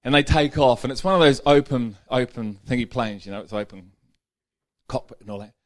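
A man's voice: mid-range voice, brisk. A man preaching a sermon in a chatty, storytelling way, moving into earnest teaching. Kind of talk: sermon with a told joke.

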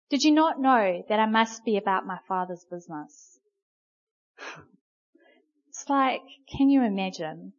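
Woman preacher, chatty storytelling sermon, fairly high voice, dull lo-fi sound. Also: measured pace, pauses often. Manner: conversational, animated storytelling with many fillers. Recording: muffled lo-fi recording.

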